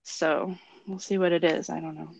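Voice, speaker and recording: A woman's voice: deep voice, level tone, normal speed, vocal fry, no room sound. A woman co-hosting a casual talk show, telling stories and acting out what others said, laughing often. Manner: storytelling, acts out quoted voices, laughs often. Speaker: co-host. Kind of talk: casual chat. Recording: dull lo-fi sound.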